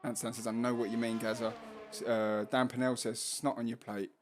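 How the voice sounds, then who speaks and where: This chatty stream host calls a race live in a Cockney accent, joking and reading chat messages between laps. He talks briskly, his mid-range voice showing little pitch movement. Faint music plays in the background.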